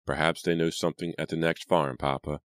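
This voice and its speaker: Storybook son: a man voicing a quiet, obedient teenage boy. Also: extremely low pitch, steady tone, brisk, dry recording, clean studio sound. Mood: meek.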